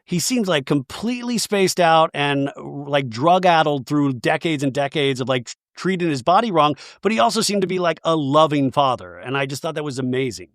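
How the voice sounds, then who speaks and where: A man hosting a pop culture podcast in loose, casual chat. His voice sits a bit high. The sound is dry and close. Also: animated, moderate pace, few pauses, fairly bright tone, dry recording. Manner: chatty, swears, acts out quotes. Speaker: podcast host.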